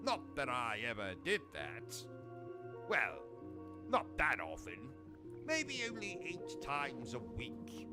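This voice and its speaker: A man with a British accent hosting a gaming livestream, delivering pompous, insulting, deadpan absurd comedy. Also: medium pitch, takes it slowly, over music. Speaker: gaming streamer host. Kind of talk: comedic in-character livestream monologue.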